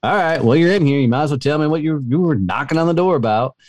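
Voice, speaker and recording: A man's voice: on the high side, expressive, quick pace, a little mellow, no echo, voice pushed up, natural voice. A man putting on a sweet country housewife. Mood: warm, coaxing. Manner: sweet, motherly Southern drawl. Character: kindly country housewife, middle-aged woman.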